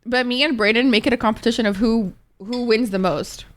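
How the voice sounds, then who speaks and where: Chill woman streamer just rambling to chat, kinda high voice, says like a lot and swears. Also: fairly even intonation, fairly quick. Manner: rambling and laid-back, heavy on "like", swears freely; reads out and answers chat messages. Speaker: Twitch streamer. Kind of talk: casual chat with stream viewers.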